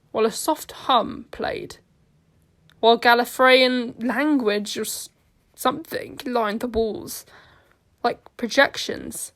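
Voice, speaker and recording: A woman narrates a homemade audio story with an earnest, steady delivery. Her voice is fairly high, and she reads the scenes aloud without much fuss.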